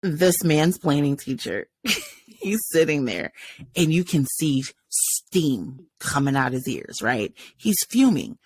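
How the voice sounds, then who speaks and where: A woman's voice: low-pitched, takes it slowly, slightly rough, no echo. A woman co-hosting a podcast, telling a work story with laughs and acting out what others said. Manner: animated, retells a workplace story acting out others' lines. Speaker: podcast co-host. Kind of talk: casual storytelling chat. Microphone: podcast microphone.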